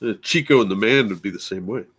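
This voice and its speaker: A man joining a live stream chat with deadpan, wry jokes. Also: lowish voice, quick pace, breathy edge.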